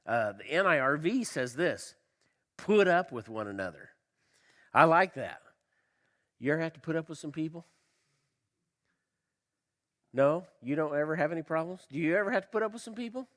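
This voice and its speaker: Male pastor, church sermon, bright tense voice, animated swings from loud to quiet, slight cough. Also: on the high side, moderate pace, long pauses. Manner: asks the congregation questions. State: slight cough, tickle in throat.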